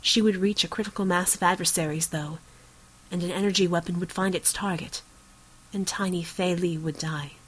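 Woman narrating with a husky low voice. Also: steady tone, normal speed, poor audio. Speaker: audiobook narrator. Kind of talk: scripted narration.

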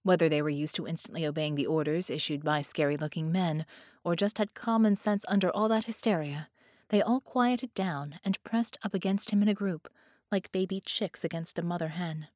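A woman narrating an audiobook in a clear, measured storytelling manner. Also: on the low side, a little mellow, dry recording, clean studio sound.

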